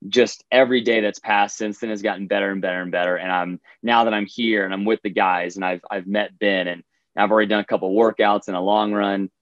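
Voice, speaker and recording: Low-voiced man on a dull remote call. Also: steady tone, no room sound. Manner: candid, halting, with many restarts. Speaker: podcast guest, professional runner. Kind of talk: casual interview answers.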